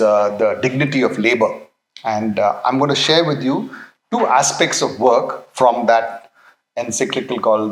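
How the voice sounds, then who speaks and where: A man delivering a faith talk in a roomy, echoing space. He speaks haltingly, restarts his phrases and often pauses to check in with his listeners. His pitch sits in an ordinary middle range. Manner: halting, many fillers and restarts, checks in with "okay". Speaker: Christian speaker.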